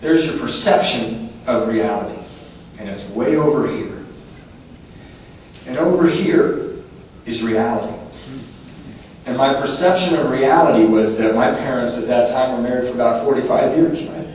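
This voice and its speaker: A man with a Southern Californian accent sharing his recovery story at a meeting, self-mocking and animated, acting out the voices in his story. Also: medium pitch, moderate pace, pauses often. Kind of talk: personal recovery talk. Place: meeting room. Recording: distant mic in a roomy, noisy hall.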